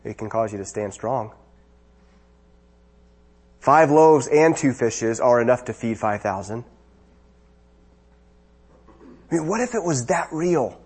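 A man's voice: mid-range voice, lively intonation, slow, long pauses, darkish tone, husky. A man preaching a sermon, asking rhetorical questions and building to emphatic bursts.

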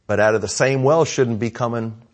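A male pastor gives a conversational sermon in a mid-range voice, speaking a little fast. He poses questions to the congregation, calls for amen, and swings between loud and hushed.

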